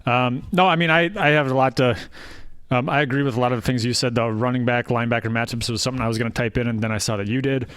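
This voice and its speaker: A man's voice: medium pitch, fairly even intonation, fast talker, fairly bright tone, clean tone, dry recording. A man with a mid-range voice co-hosts a casual football podcast, dry-witted and teasing, often stalling on fillers as he thinks. The sound is close and dry. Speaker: podcast co-host. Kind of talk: casual sports chat.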